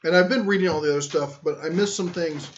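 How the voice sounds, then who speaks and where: A high-voiced man rambles through a casual tool-talk live stream, cracking jokes at his own expense as he reads chat. The audio is muffled and lo-fi, like a cheap stream mic. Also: quick pace, slight background noise. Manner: rambling, joking, self-deprecating. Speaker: tool channel host.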